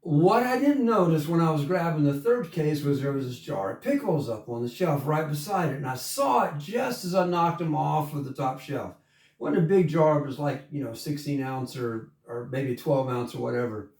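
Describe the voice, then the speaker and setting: A man's voice: a little high, lively intonation, normal speed, darkish tone. A man from coastal Georgia, telling an easygoing, folksy story. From coastal Georgia, USA. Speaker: singer and storyteller. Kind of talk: spoken story then country song. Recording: roomy sound from a distance, with guitar. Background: guitar music.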